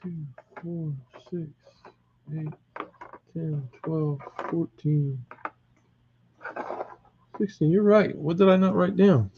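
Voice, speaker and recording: A man's voice: a little high, takes it slowly, pauses often. A man hosting a casual live draw, counting aloud and reading off names and teams, chuckling at his own slips. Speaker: host running a team draw. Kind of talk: casual live group break. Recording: muffled lo-fi audio with faint noise.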